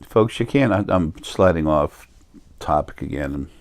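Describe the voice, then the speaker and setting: A man with a low, deep voice speaking as a spiritual teacher. He meanders from point to point, restarts his sentences and corrects himself as he goes. His delivery is earnest and unscripted. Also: animated, measured pace. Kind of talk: rambling spiritual monologue.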